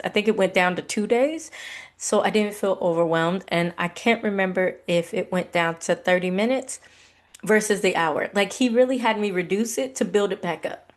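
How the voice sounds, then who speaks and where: Chatty woman sharing a faith story. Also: medium pitch. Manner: conversational, animated retelling with laughs. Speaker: podcast host. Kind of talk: casual faith testimony.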